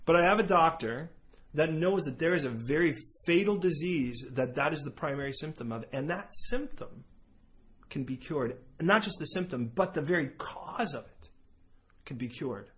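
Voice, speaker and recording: A man's voice: a little high, moderate pace. A man preaching a sermon, telling an illustrative story and acting out both sides of the dialogue. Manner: animated storytelling, switching between characters' voices. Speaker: pastor.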